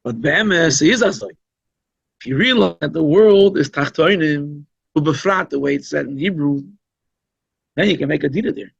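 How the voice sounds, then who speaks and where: Gravelly-voiced rabbi giving an informal talk. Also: male voice, fairly high pitch, animated, normal speed, no room sound. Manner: conversational and emphatic, with asides. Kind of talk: informal Chassidic talk at a holiday gathering. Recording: dull, lo-fi recording.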